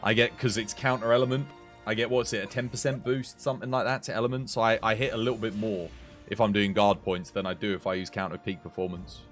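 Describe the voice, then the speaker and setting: A young man commenting live on a game he plays, muttering low at times and breaking into shouted excitement. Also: fast talker, faint music behind. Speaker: streamer.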